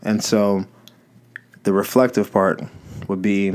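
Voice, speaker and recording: Low-voiced man musing casually. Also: flat delivery, a little slow, gravelly, long pauses, a little mellow. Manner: conversational, rambling, self-correcting. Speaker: podcast host. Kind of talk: casual reflective monologue. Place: Los Angeles.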